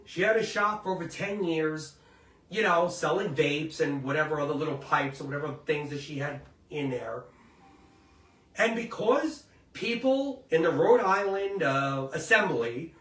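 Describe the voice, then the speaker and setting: A middle-aged man with a slightly raised pitch gives casual, emphatic opinion commentary and keeps checking that listeners agree. He rambles into personal stories. He sits a little away from the mic in a roomy, echoing space, and soft music plays underneath. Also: recorded from a distance. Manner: emphatic, rambling storyteller who seeks agreement. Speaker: host of a commentary show.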